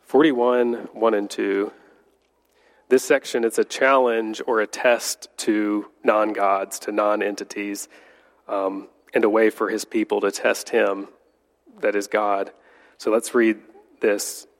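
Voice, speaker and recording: Low gravelly man teaching in a hall. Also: little pitch movement. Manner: unhurried, stops to correct slips while reading. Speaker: Bible teacher. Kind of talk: Bible study teaching, reading scripture aloud. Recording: long hall reverb.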